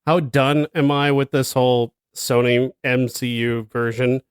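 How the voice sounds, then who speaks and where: A man's voice: mid-range voice, little pitch movement, measured pace, clean tone, dry recording, clean studio sound. A man co-hosting a film review podcast, chatting bluntly and in an exasperated way, often laughing. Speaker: podcast co-host, film critic. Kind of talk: casual chat.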